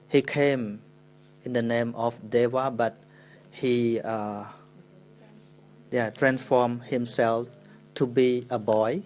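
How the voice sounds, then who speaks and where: Khmer-accented monk, unhurried dharma talk, measured mid-pitch voice, stops to rephrase. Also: male voice, low-quality recording. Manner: slow, unhurried, speaking English with pauses and self-corrections. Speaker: Buddhist monk.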